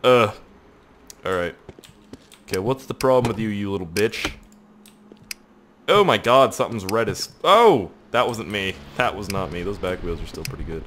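A young Canadian man casually commentating his gameplay, swearing a lot, excitable, and talking straight to his viewers, just woken up. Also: on the low side, normal speed, long pauses, a little hiss or hum. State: just woke up. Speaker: gaming video host.

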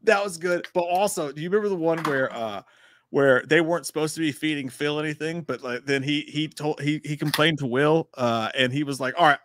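A man co-hosting a crude, casual livestream, joking loudly and breaking into sung bits. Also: on the high side, brisk, a little hiss or hum. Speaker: podcast co-host.

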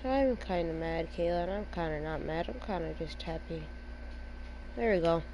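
A woman's voice: lowish voice, moderate pace, noisy background. A woman streaming an online basketball game, talking through live gameplay and scolding her teammates in exasperation.

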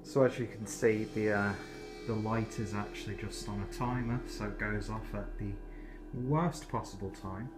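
This young beer vlogger speaks in a steady, lowish voice at a moderate pace while loud music plays behind him. Filmed indoors at home and in a basement, his casual vlog chat rambles along, self-mocking and full of swearing.

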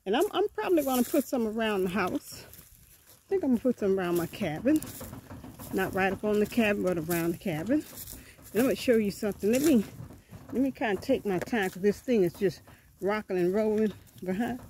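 A folksy woman vlogs from her rural property, speaking into a handheld phone. She is out of breath and often repeats herself while addressing her viewers as family. Her voice sits at an ordinary middle pitch over faint outdoor noise. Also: expressive, brisk, mellow. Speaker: vlogger. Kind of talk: casual vlog talk to viewers.

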